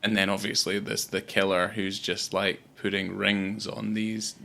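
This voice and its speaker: Deep, forceful man in his late thirties. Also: level tone, a little slow, gravelly. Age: late 30s. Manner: blunt and emphatic, swears freely. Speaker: podcast co-host. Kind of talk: casual film discussion.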